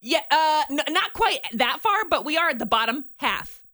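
A woman's voice: high-pitched, very animated, normal speed, sharp tone. A woman from the US Midwest co-hosting a morning radio show, chatting casually and playfully, often laughing.

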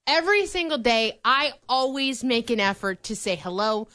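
A young adult woman co-hosting a radio show, telling stories in a casual, animated way and laughing often. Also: on the high side, normal speed, clear, resonant tone, no echo, studio quality. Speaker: radio co-host.

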